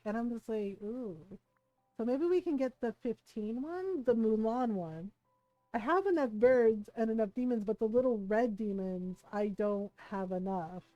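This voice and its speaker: A woman's voice: a little high, expressive, normal speed, mellow, no echo, faint music behind, poor audio. A woman from the United States, streaming a game while casually telling a family story, acting out quotes and laughing often.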